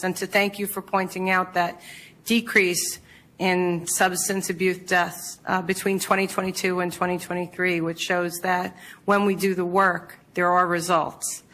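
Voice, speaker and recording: A woman's voice: lowish voice, a bit bright, poor audio. A woman, the deputy mayor, giving heartfelt, rambling remarks at a council meeting, close to tears. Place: council chamber.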